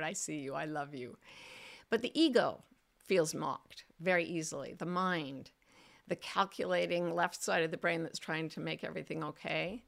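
Bright-toned woman giving gentle advice. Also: vocal fry. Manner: gentle, deliberately slows and lowers her voice for serious points. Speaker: podcast host answering listener questions. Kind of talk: warm advice talk to an audience.

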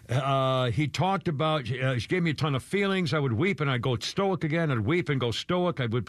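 A man's voice: medium pitch, no room sound. A man hosting a radio show, talking casually in a rambling, chuckling way with many restarts.

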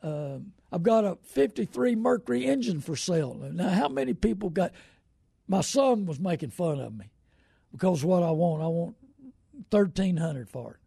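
Gravelly folksy man, rambling. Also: high-pitched, animated, normal speed, mellow, no room sound, clean studio sound. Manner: folksy and rambling, greets viewers by name. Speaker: host of a car-buying show. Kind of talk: casual live-stream talk.

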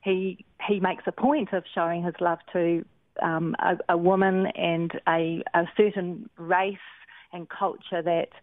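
A woman's voice: lowish voice, dry recording. A woman, an author on a call-in radio show, talking thoughtfully about scripture with many ums and restarts. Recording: phone-like thin line.

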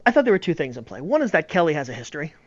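A man talks baseball at a very fast clip, emphatic and opinionated, often stumbling over repeated words. His voice sits a little high. The sound is dull and lo-fi. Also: sing-song, dry recording. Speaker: baseball analyst. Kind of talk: casual sports talk.

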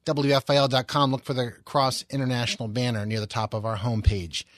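A man's voice: medium pitch, flat delivery, brisk, a bit bright, no room sound, studio quality. Casual upbeat male radio host. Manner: casual, upbeat promo delivery with fillers. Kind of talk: radio talk show hosting.

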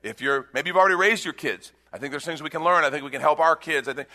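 A man preaching a sermon as pastor, animated, acting out little voices. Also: fairly high pitch, quick pace.

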